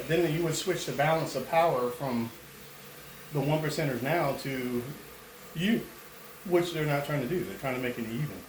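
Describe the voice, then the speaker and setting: A man rambles in a folksy, opinionated way, talking to the camera while pulling out a beehive. His voice sits at a middle pitch and bounces around an echoey indoor room, with a faint hum of noise behind it. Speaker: bee removal worker and vlogger. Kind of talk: casual rambling talk to camera. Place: inside a house during bee removal.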